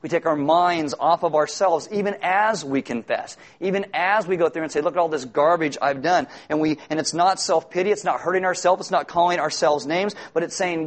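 Male pastor, fairly high voice, casual sermon delivery with emphatic repeats. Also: fairly quick, few pauses. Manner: conversational, self-deprecating, emphatic repetitions.

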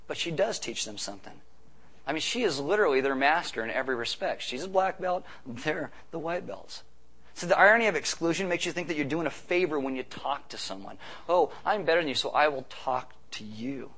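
Conversational preacher, a man with a slightly high voice. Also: a bit bright. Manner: conversational, quick asides and rhetorical questions. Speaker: pastor. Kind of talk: sermon.

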